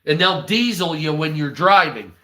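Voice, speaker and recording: A man's voice: on the high side, expressive, moderate pace, bright, forceful tone. A man hosting a live stream, ranting in a rambling, profane, mocking way. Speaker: live stream news host. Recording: echoey room.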